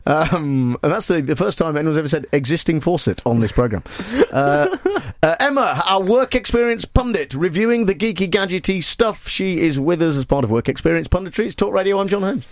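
A man's voice: a little high, animated, brisk, no room sound. A man hosting a radio talk show, joking and rambling with many restarts, on a studio microphone. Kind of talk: casual radio chat.

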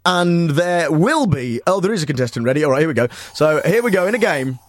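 A man's voice: a little high, sing-song, brisk, a little hiss or hum. A man hosting a radio show, joking dryly and laughing as he runs a game. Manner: jokey, dry, laughing often. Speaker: radio host.

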